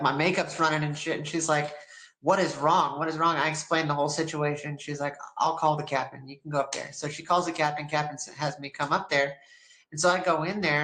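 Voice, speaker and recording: Bright-voiced American woman telling a story. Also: deep voice, reverberant, rough recording. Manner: animated, acts out quoted people in her story. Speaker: interview guest. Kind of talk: casual storytelling.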